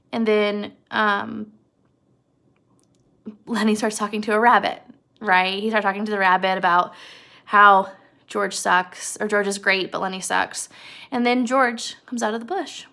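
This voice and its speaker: A woman's voice: medium pitch, vocal fry, bright, forceful tone. A woman teacher giving a casual recorded video lesson, talking students through a chapter and checking in with them often. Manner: casual, conversational, checks in with "okay?".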